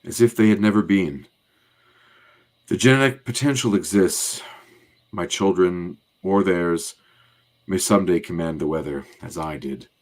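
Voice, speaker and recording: A man's voice: low-pitched, unhurried, pauses often. A man reading as a proud mutant woman stripped of her powers. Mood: solemn.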